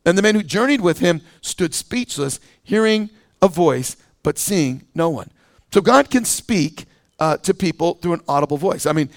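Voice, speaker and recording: A man with a fairly high voice delivers a sermon. He talks in a relaxed, conversational way, full of fillers and restarts. The sound is dry and close. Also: no room sound. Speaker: pastor.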